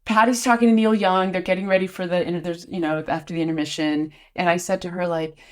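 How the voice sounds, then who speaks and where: Female actor guest, low-ish voice, animated storyteller who stumbles over her words with laughter. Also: quick pace. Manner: animated, laughing, stammering retellings. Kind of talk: casual anecdote telling.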